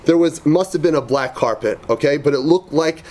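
A rabbi with a notably high voice lectures yeshiva students with emphatic, repetitive conviction. He weaves personal anecdotes into his teaching and sprinkles Hebrew and Yiddish terms through his English. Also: a little fast, darkish tone. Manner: emphatic, repeats phrases, tells personal anecdotes.

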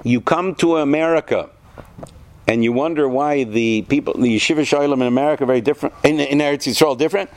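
A man teaching a class of students, animated and talkative, often asking them questions. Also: mid-range voice, fast. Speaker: yeshiva teacher. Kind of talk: lecture to students.

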